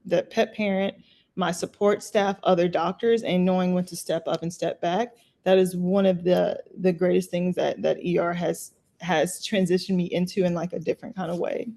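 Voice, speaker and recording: A woman's voice: on the low side, darkish tone. A young woman in her twenties, a veterinarian, answering interview questions earnestly and thoughtfully. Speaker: veterinarian guest.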